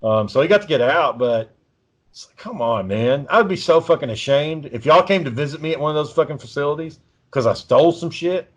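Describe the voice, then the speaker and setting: A man's voice: a little high, lively intonation, fairly quick. A man telling a long story in a casual, profane, rambling way as a podcast co-host. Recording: dull lo-fi recording.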